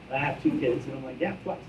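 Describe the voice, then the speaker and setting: A brand executive telling a casual, self-mocking story at a conference, acting out both sides of each conversation. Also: male voice, medium pitch, reverberant, distant mic, background noise. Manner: animated anecdote, acts out both sides of dialogue. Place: conference hall with live audience.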